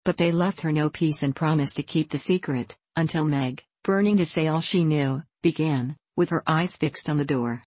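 In a close, dry recording free of room sound, a low-voiced female audiobook narrator reads a scripted story with calm, measured pacing.

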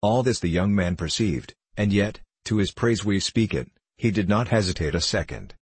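Give me a man reading a classic novel, deep and husky. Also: expressive, moderate pace, no room sound. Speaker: narrator. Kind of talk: audiobook narration.

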